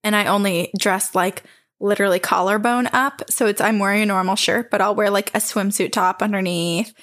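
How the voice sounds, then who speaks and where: A woman's voice: medium pitch, steady tone, brisk, fairly bright tone. A woman co-hosting a podcast in casual chat, rambling with many fillers into a microphone on a stand. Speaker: podcast co-host.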